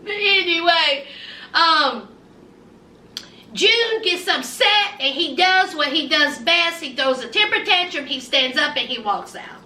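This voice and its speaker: A woman's voice: sits high, pushed and bright, echoey room, distant mic. A woman vlogger giving a sassy, gossipy recap of a reality show, talking straight to her viewers.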